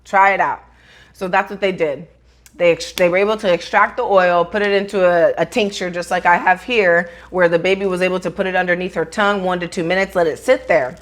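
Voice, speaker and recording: A woman's voice: on the low side, fairly even intonation, brisk. A woman vlogger talking straight to her viewers, earnest and close to tears, with casual swearing. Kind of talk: emotional talk to camera.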